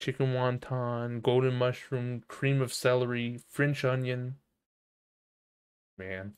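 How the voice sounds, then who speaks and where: Slow-talking joking male game streamer. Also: medium pitch, steady tone, clear, resonant tone. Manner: joking, profane, laughs often. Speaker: gaming streamer. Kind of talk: casual live-stream chat.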